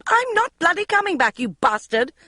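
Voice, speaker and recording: A woman's voice: very high voice, big pitch swings, slow, pushed and bright, no echo, clean studio sound, voice pushed up, heavily acted. A woman voicing a posh, hysterical young woman who shrieks and swears in an audiobook.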